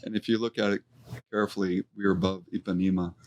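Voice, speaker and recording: A middle-aged man telling stories from his restaurant career in a casual interview, animated and quoting people as he goes. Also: deep voice, fast talker, highs cut off. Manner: animated anecdote-telling, acts out quotes. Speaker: restaurant co-owner, guest.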